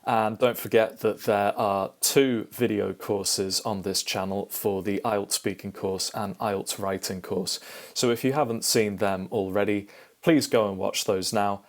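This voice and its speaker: Low-voiced man teaching vocabulary. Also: fairly even intonation, measured pace, no echo. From Britain. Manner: explanatory, with frequent "okay" and "um" fillers. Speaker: IELTS teacher. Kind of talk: recorded lesson to camera.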